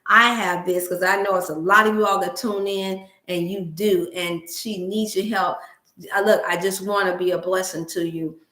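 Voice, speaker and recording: A woman's voice: on the low side, steady tone, moderate pace, sharp tone. Woman livestream host, Black dialect, emotional and preachy, talking at home into an echoey room. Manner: emotional, preachy, speaks to viewers as family. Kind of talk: casual livestream talk to viewers. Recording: roomy echo.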